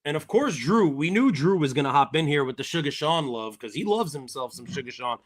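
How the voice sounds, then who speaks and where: A man's voice: on the high side, animated, brisk. A man co-hosting a casual fight-sports livestream, swearing freely and reading viewer comments aloud. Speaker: livestream co-host reading chat. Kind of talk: casual MMA livestream chat.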